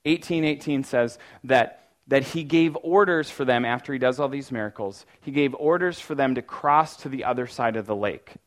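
A man preaching a sermon in a casual, conversational way, often saying "like" and restarting sentences, now and then breaking into loud mock-panic cries. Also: medium pitch, normal speed, hardly any pauses. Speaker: pastor.

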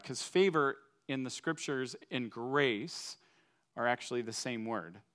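A man's voice: medium pitch, a bit bright, smooth. A man from Minnesota giving a conversational sermon to a congregation, using everyday examples. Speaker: preacher.

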